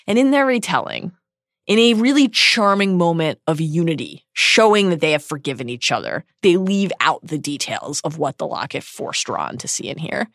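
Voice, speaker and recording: A woman's voice: deep voice, moderate pace, no echo, studio quality. A woman co-hosting a podcast, casually retelling a book's plot and dramatizing the quotes. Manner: animated storyteller, dramatizes quotes. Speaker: podcast co-host.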